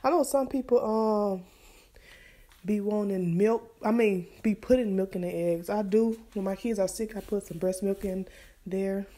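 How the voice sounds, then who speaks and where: Chatty young mom vlogger. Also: female voice, medium pitch, unhurried. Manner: chatty, relaxed, many fillers, speaks straight to viewers. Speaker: vlogger and mother. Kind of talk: casual cooking vlog chat. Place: home kitchen, indoors.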